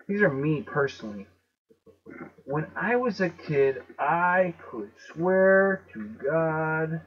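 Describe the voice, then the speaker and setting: Slow, emphatic man with a Chicago accent. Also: on the high side. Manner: emphatic, repeats words and spells out letters slowly. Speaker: video host. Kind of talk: casual monologue to viewers. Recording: dull lo-fi recording.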